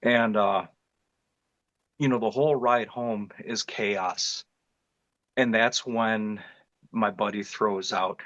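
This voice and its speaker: A man's voice: on the low side, steady tone, slow pace, long pauses, fairly bright tone, no room sound, lo-fi sound. A middle-aged man from northeast Ohio, an interview guest earnestly recounting a frightening encounter in vivid detail, often restarting his phrases. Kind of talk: personal storytelling in an interview.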